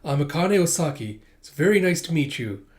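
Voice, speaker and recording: A spirited young female apprentice from a manga, eager and quick to answer, with a man reading her lines. The voice sits a little high. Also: big pitch swings, a little mellow.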